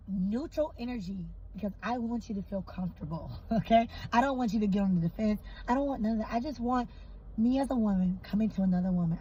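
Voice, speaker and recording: A woman's voice: mid-range voice, highs cut off, slight background noise. A young adult woman casually telling a personal story, acting out the voices of the people in it. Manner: animated, acts out quoted voices.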